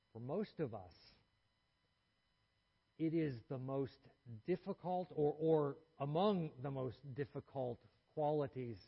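A man preaches a sermon with a slightly husky, somewhat raised voice. He talks in a measured, earnest way, and his phrases fall away softly at the ends. The recording sounds a little dull and lo-fi. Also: on the high side. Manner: measured, earnest preaching with trailing soft phrase endings and small restarts.

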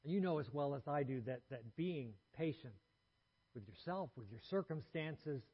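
A man preaches a sermon with a slightly husky, somewhat raised voice. He talks in a measured, earnest way, and his phrases fall away softly at the ends. The recording sounds a little dull and lo-fi. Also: on the high side, expressive. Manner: measured, earnest preaching with trailing soft phrase endings and small restarts.

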